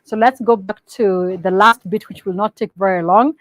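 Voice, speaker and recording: A woman with a Kenyan accent giving a business presentation to partners. She switches between English and Swahili mid-sentence and speaks in a measured, instructive way. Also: mid-range voice, steady tone. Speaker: company presenter.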